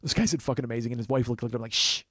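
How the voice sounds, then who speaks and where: A man's voice: mid-range voice, little pitch movement, racing, a bit bright, no room sound, clean studio sound. A man hosting a podcast, telling a long personal story in a rambling casual way, acting out what others said. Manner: rambling, with restarts and acted quotes of others. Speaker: podcast host.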